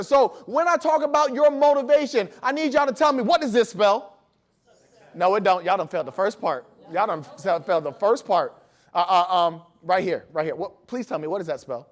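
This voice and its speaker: In an expressive high voice at a moderate pace, a man energetically motivates an audience of school staff in a large room. He shares stories and keeps putting questions to his listeners.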